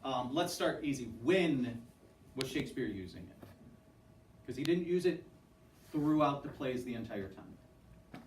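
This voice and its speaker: A man's voice: mid-range voice, lively intonation, unhurried, pauses often. A male teacher talking casually and upbeat to his class, with many fillers, in a classroom. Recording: echoey classroom from far off, room noise.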